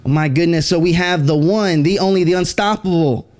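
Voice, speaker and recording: A man from San Antonio hosts a casual interview show. His voice sits a touch high for a man, and he hypes up his guest with upbeat, friendly energy before easing into relaxed questions. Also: brisk. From San Antonio, Texas. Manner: upbeat, friendly hype intros. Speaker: podcast host.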